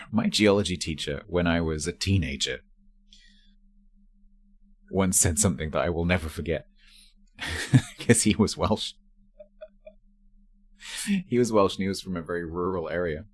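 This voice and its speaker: A man's voice: deep voice, unhurried, pauses often, a little hiss or hum. A man chatting casually on a live stream at home while packing to move. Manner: rambling, chatty while sorting cables.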